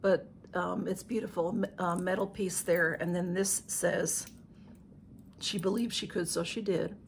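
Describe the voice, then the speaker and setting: A YouTube vlogger, a woman, chats casually to her camera while unboxing, gushing with emotion and thanking again and again. Her voice sits on the low side with vocal fry, a steady tone and a measured pace, and there's slight background noise.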